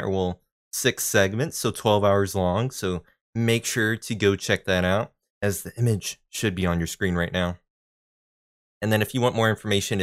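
A man's voice: on the low side, clear, resonant tone, dry recording, studio quality. A man who organizes the group, chatting casually and making laid-back event announcements. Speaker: community organizer.

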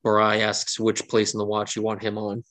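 A man's voice: lowish voice, monotone, normal speed, fairly bright tone. A man narrating as game master of a tabletop game, rambling loosely with fillers.

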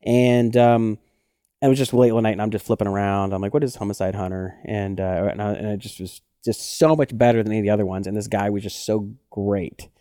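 A man co-hosting a podcast in casual chat, telling stories with lively acted-out quotes. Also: on the low side, fairly quick, clean tone, no echo, clean studio sound. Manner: animated storyteller who acts out quotes. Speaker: podcast co-host.

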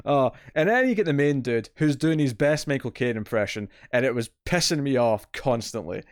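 A man's voice: medium pitch, expressive, moderate pace, no room sound, studio quality. A Scottish man co-hosting a casual TV review podcast, blunt and opinionated in his complaints. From Scotland. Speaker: podcast co-host.

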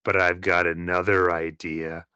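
A man voicing a cold, menacing young male pirate ghost, speaking slowly and low. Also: little pitch movement, sharp tone, smooth, no room sound, muffled recording. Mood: cold menace. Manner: slow, low, sinister.

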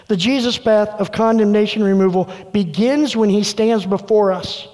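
A man pastor preaching a sermon with earnest delivery, going quiet and soft when quoting. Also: high voice, moderate pace, few pauses. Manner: earnest preaching, dropping soft for quoted words. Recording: long reverb of a large room.

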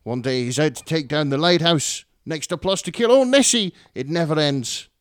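A man plays a grating, yapping Scottish mother in a storybook reading. Her voice is pitched far above his own and comes out loud and snappish. The sound is dry and close. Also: lively intonation, normal speed, clean tone, dry recording, lightly acted. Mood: grumbling. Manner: shrill and snappish.

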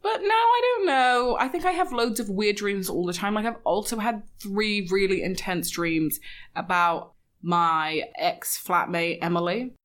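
A woman's voice: mid-range voice, unhurried, fairly bright tone. A young adult woman chatting as a podcast guest, telling candid stories full of quoted asides. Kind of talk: casual chat.

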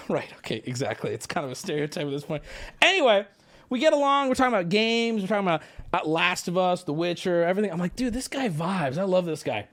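High-voiced man telling a story, swearing freely. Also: fast. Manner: animated, swears freely, many fillers. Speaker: streamer. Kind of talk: casual storytelling to a stream chat.

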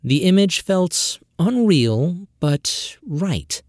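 A professional narrator reading a fantasy short story in a measured, expressive storytelling manner. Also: mid-range voice, no room sound, clean studio sound. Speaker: audiobook narrator.

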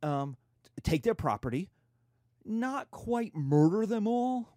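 A man's voice: on the high side, very animated, normal speed, mellow, dry recording, studio quality. A man giving a casual, irreverent history lecture, acting out quotes in slangy voices.

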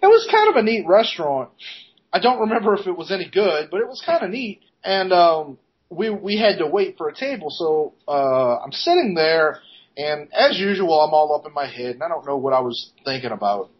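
A man with a high-pitched, breathy-edged voice tells a rambling story on a podcast. His pitch jumps around constantly as he laughs and swears through it. The recording sounds muffled and lo-fi. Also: sing-song, moderate pace. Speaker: podcast co-host. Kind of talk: casual storytelling chat.

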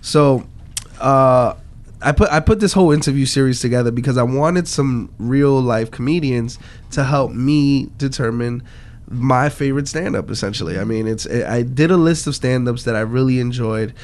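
A man's voice: medium pitch, moderate pace, a little mellow. A man hosting a podcast, chatting casually with his guests and swearing now and then. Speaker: podcast host. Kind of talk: casual interview chat.

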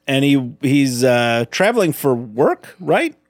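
A man's voice: mid-range voice, sing-song, takes it slowly, dry recording, studio quality. Rambling man co-hosting a film podcast. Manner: rambling, joking, self-interrupting. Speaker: podcast co-host. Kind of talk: casual movie review chat.

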